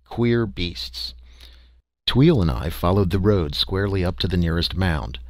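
A man's voice: low voice, fairly quick, no room sound. A man reading a story as a first-person audiobook narration, in a folksy, conversational way with small hesitations.

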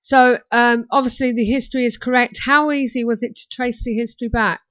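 A woman's voice: on the high side, fairly even intonation, brisk, a bit bright, dry recording. A woman hosting a casual talk show, chatty and hesitant with lots of fillers. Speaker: radio talk show host. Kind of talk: casual chat. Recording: muffled dry sound.

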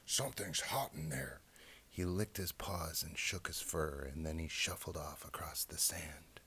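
A man narrating a children's read-along storybook in a slow, hushed storytelling delivery. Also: very deep voice, steady tone, slightly rough. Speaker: storybook reader.

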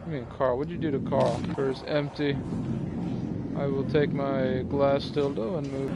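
A man's voice: mid-range voice, fairly even intonation, measured pace, over loud music. A young man streaming a video game, joking and talking back to the characters on screen. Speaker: gaming streamer. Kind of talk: let's play commentary.

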